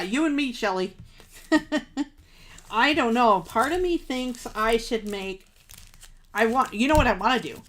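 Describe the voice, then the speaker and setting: Woman, craft livestream host, unhurried, gushing, chatty, self-laughing. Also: medium pitch. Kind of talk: casual live crafting chat.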